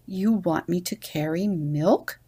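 A woman's voice: mid-range voice, expressive, takes it slowly, gravelly, dark tone, exaggerated voice. A woman voicing a grumpy, proud old male camel who complains of his aches and boasts of his strength. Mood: boastful.

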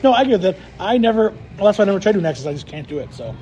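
A man's voice: high voice, big pitch swings, racing, mellow, dull audio. A man co-hosting a casual podcast, teasing his friend and rambling with many restarts over a card game. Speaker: podcast co-host.

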